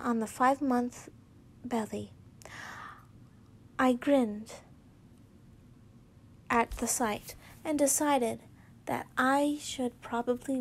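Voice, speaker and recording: A woman casually reading fanfiction aloud, halting as she goes, with frequent restarts and self-corrections. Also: fairly high pitch. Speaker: fanfiction reader.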